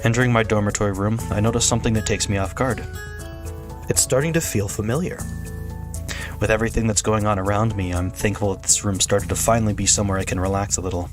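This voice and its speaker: A man streaming, reading a visual novel aloud in steady first-person narration, now and then restarting a phrase. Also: lowish voice, fast talker, music in the background.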